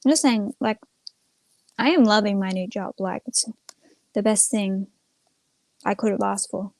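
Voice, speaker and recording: A woman's voice: mid-range voice, measured pace, darkish tone, dry recording. A young woman chatting casually on a livestream, rambling and retelling stories with lots of "I'm like.". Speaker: streamer.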